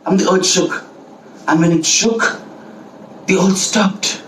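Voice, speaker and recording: Male storyteller, animated and repetitive, echoey room with faint hiss. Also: sits high, slow, pauses often, distant mic. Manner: playful, animated, heavy repetition, asks listeners questions. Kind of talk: oral storytelling for children.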